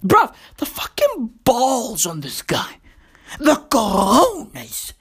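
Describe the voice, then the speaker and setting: A woman's voice: a little high, wildly swooping pitch, takes it slowly, long pauses, breathy edge. A woman from South Africa delivering a profane, slangy, incredulous comedic rant to camera. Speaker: commentator.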